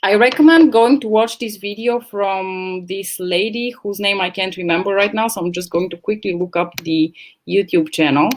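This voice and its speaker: A woman's voice: medium pitch, normal speed. A woman hosting a casual livestream from home, rambling and blunt, speaking into a laptop microphone. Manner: chatty, rambling, blunt and swearing. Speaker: livestream host. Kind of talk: casual chat. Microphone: laptop camera mic.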